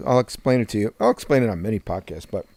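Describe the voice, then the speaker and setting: Мужчина лет пятидесяти с сильным нью-джерсийским акцентом, ведущий подкаста, шутит с матом, голос очень живой, звук сухой и близкий. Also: male voice, on the low side, fast talker, gravelly, no echo. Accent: New Jersey. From Newark, New Jersey. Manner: profane, jokey, animated storyteller. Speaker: podcast host. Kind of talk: casual podcast chat.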